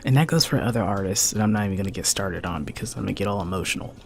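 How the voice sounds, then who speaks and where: A man's voice: lowish voice, rapid-fire, gravelly, darkish tone, slight background noise. A man in his forties streaming a game, rambling in a heartfelt way and dropping "man" and "like" often. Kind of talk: casual chat while gaming.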